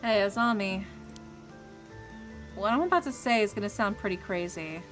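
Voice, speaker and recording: A woman's voice: mid-range voice, lively intonation, normal speed, faint music behind, natural voice, poor audio. A woman voicing an earnest, troubled young man in a game, speaking seriously.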